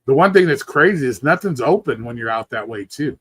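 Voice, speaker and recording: A man's voice: medium pitch, lively intonation, fairly quick, a bit bright, breathy edge. A man hosting a livestream, chatting casually from home in a rambling, profane, laid-back way, sounding sleepy. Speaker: livestream host. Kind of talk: casual chat.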